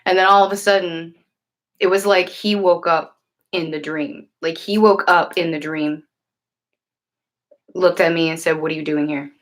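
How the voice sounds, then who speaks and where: With a fairly low, fairly bright voice and fairly even intonation, a woman answers viewers on her casual livestream as a tarot reader. She speaks at a measured pace and pauses often, earnest but rambling with plenty of fillers and restarts.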